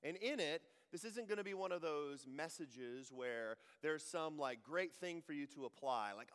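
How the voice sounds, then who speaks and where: A man's voice: a little high, expressive, moderate pace, few pauses, a bit bright, clean tone, in a large hall. A man preaching a sermon as a pastor, conversational and joking in asides.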